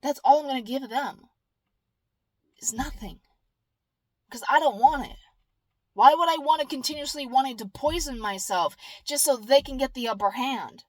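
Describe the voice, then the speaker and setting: A woman's voice: sits high, moderate pace, long pauses, dry recording. A woman talking casually to her camera, rambling and blunt, swearing freely and mimicking whiny voices. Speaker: vlogger.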